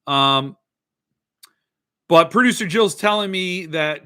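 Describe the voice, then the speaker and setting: A man's voice: a little high, animated, a little slow, sharp tone. A middle-aged man hosting a casual live show, rambling and joking as he reads viewer comments aloud. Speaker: podcast host. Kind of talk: casual livestream chat.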